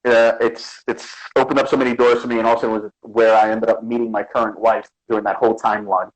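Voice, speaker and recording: A fast-talking man with a fairly low pitch, heard on a low-quality recording, is a guest artist from the Bronx, New York. In a casual interview chat, he tells his stories with animation, performing the quoted lines.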